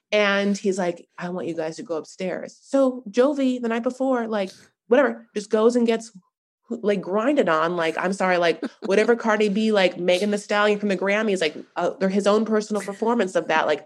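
A young woman hosting a podcast, recapping a reality show in an animated, gossipy chat full of fillers. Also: mid-range voice. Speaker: podcast host.

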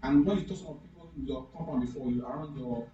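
A man's voice: medium pitch, quick pace, mellow. Man preaching from far off in an echoey hall. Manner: repeats questions to the congregation. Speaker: pastor. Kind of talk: interactive sermon. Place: church hall. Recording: echoey, distant, dull room recording.

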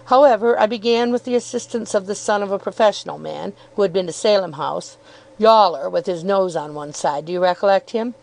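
A woman's voice: medium pitch, fairly quick, vocal fry, a little mellow, natural voice, poor audio. A woman voicing a good-humoured, cheerful young law student in an audiobook, chuckling and self-deprecating. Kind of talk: audiobook character reading.

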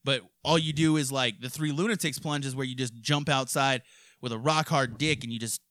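A man from hosting a podcast, telling crude stories in a rowdy, profane, animated way. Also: mid-range voice, fairly quick, no room sound, clean studio sound. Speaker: podcast host. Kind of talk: crude casual storytelling.

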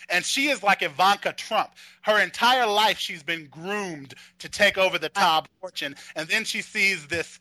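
A high, bright-toned man chatting loosely and gossiping with friends. He is animated and often slips into acted-out lines. The sound is dry and close. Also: unhurried, hardly any pauses, no echo. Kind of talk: casual chat.

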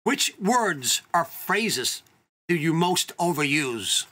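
Bright, high-voiced Irish man hosting. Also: sing-song, slow pace. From Ireland. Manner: openly emotional, chatty, laughs often. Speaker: host. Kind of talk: casual interview chat.

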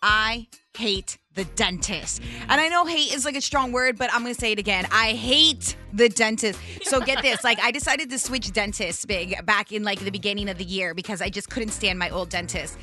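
A woman co-hosting a morning radio show, telling a story in an animated, emphatic way. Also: mid-range voice, quick pace, hardly any pauses, faint music behind. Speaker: radio co-host.

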